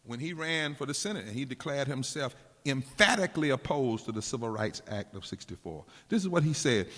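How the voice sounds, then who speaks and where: A man's voice: sing-song, a bit bright. Preaching man in an echoing hall. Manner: emphatic preaching cadence, dropping low and slow for weight. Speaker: preacher and activist speaker. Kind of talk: preached political speech. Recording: long hall reverb.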